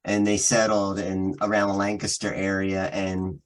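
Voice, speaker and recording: A man with a thick Philadelphia accent chats casually with his bandmates. His voice sits a little low, and he rambles, restarts and laughs as he explains. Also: monotone, moderate pace, rough recording. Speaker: band member. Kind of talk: casual chat.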